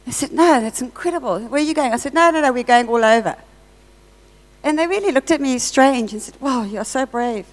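A woman's voice: high-pitched, a little fast. Earnest woman in reverberant hall. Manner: earnest, animated storytelling with reported dialogue. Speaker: church speaker sharing a testimony. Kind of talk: testimony talk at a church.

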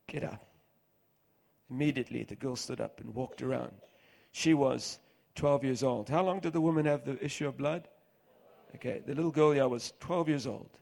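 A middle-aged man preaching a sermon, reading scripture aloud and repeating key words for emphasis, swinging between loud and hushed. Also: on the high side.

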